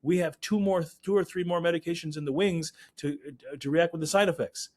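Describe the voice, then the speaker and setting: A man putting on a slick, smooth-talking male marketing executive who speaks with brash confidence. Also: fairly quick, a little mellow, natural voice. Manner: brash, confident sales pitch.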